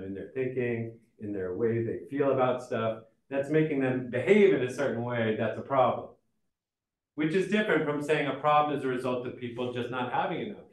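Man teaching a college sociology class, chatty and searching for words, heard from a distance in a reverberant room. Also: medium pitch. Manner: conversational, many fillers and restarts. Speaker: sociology lecturer. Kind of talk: recorded college lecture. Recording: echoey room, mic at a distance.

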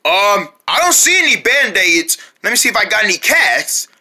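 A performer in a homemade comedy skit chats playfully and fondly with a stray puppy. The voice is very bright and sharp, and the pitch moves a lot. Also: sing-song, moderate pace. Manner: chatty, playful and fond.

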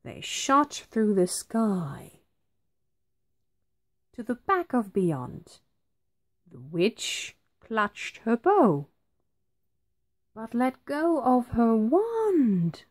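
A woman reading a rhyming picture book aloud to children, like a teacher. She takes it very slowly, line by line, with clear, careful phrasing. Her pitch rises and falls widely to bring the story alive. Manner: very slow, expressive, clearly phrased.

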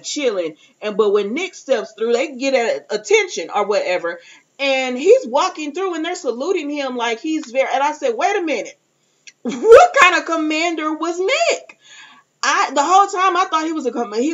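A chatty woman retelling a TV episode in a loose, rambling way, slipping into the characters' lines as she goes. Her voice sits at a middle pitch. The recording sounds a little dull and lo-fi. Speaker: TV recap reviewer. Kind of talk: casual episode recap.

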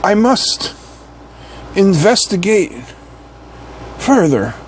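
A man's voice: high-pitched, big pitch swings, extremely slow, slight background noise, voice pushed up, full character voice. A man putting on a pompous mock-British mosquito. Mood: curious. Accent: put-on British. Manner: theatrical, mock-genteel exclamations.

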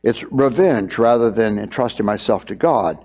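A man's voice: lowish voice, expressive, normal speed, a little mellow, slightly rough, big-room sound. An older man preaching a sermon in a conversational way, often repeating words as he thinks.

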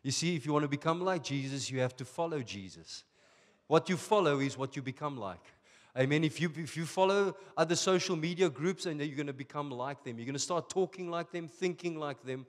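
A male pastor preaching a sermon from South Africa, animated and rising to emphatic bursts. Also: fairly high pitch, a little fast, long reverb tail.

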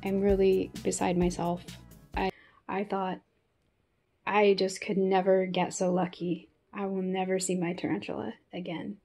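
A woman vlogging about her pet tarantula, talking softly and breathlessly with lots of fillers. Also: mid-range voice, little pitch movement, a little slow, faint music behind. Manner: breathless and emotional, soft-spoken with frequent fillers. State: out of breath from excitement. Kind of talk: excited casual vlog narration.

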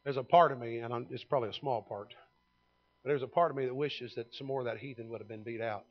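A man, preaching a sermon in a folksy storytelling way that swings from loud to hushed. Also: mid-range voice, fast talker, lo-fi sound. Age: 50s. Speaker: pastor. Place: church sanctuary.

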